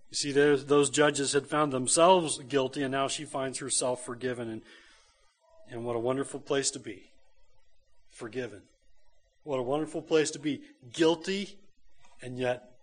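A man giving a sermon as a pastor. He is emphatic, repeats his points and keeps asking his listeners rhetorical questions. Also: mid-range voice.

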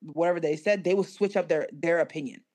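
A woman in casual podcast chat, talking in slangy, expressive bursts. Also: lowish voice, quick pace.

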